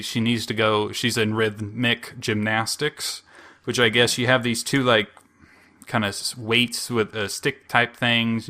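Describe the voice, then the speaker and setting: A man's voice: medium pitch, bright, forceful tone. A young man on a casual podcast, recapping an anime episode with wry, sarcastic humor and frequent chuckles.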